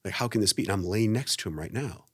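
A middle-aged pastor, appearing as a podcast guest, tells a personal story as an animated storyteller who acts out the quotes. His voice is on the low side and slightly rough, with a quick pace. The recording is clean studio sound with no echo.

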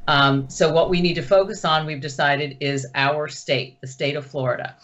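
A woman's voice: fairly even intonation, normal speed, a bit bright. A woman activist being interviewed over a video call, earnestly laying out her group's plan. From United States. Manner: earnest, pitching an organized plan. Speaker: guest activist. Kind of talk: remote interview. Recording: dull video call audio.

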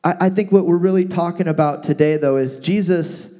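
A man co-hosting a casual talk, retelling a Bible story with playful asides and lively paraphrase. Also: high voice, fairly quick. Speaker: podcast co-host teaching from the Bible. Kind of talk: casual Bible teaching chat.

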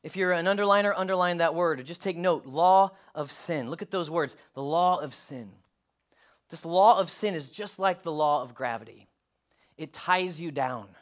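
Brief: male pastor preaching, high voice, animated, jumps from loud to hushed. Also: normal speed. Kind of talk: sermon with storybook reading.

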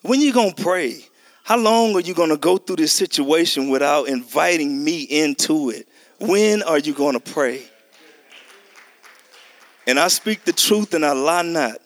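Unhurried and a little high-pitched, a middle-aged preacher animatedly recounts a testimony, performing the dialogue himself. His tone is conversational, he addresses the crowd as y'all, and the audio has no echo.

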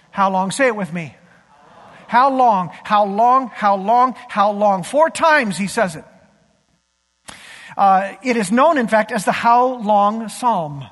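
High-voiced pastor in a reverberant hall. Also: male voice, a bit bright. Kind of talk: sermon.

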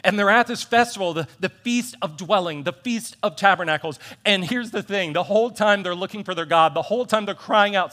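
Male pastor, sermon delivery; bright, forceful tone, slightly high voice, animated with conversational asides. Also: fairly quick, few pauses. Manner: animated, repeats phrases for emphasis.

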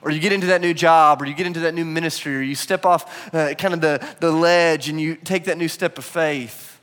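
A man preaching a sermon, telling a personal story with animated, acted-out quotes. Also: fairly high pitch, brisk, clear, resonant tone. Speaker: pastor. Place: church hall. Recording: long hall reverb.

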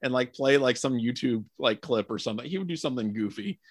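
A man's voice: mid-range voice, lively intonation, quick pace, no echo, studio quality. A man hosting a casual sports podcast, chatty and joking, rambling with many fillers. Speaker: podcast host.

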